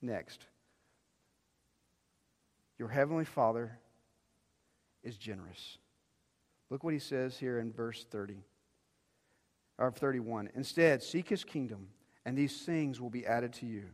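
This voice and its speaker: A middle-aged pastor delivering a sermon, swinging between quiet, intimate phrases and loud, emphatic ones, often repeating words as he builds a point. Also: medium pitch, takes it slowly, long pauses. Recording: long reverb of a large hall.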